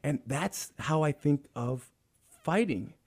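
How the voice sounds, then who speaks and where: A man talks through his ideas on a podcast, earnest and explanatory, with a slightly higher voice than most men. He often repeats a phrase to drive his point home. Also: expressive, slow. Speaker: jiu-jitsu instructor, guest. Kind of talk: conversational podcast interview.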